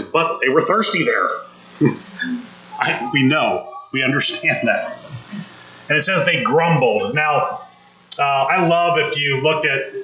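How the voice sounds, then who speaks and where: A man's voice: fairly high pitch, sharp tone, roomy sound, muffled recording. A man preaching a conversational sermon, acting out quotes and asking the congregation questions. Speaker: pastor.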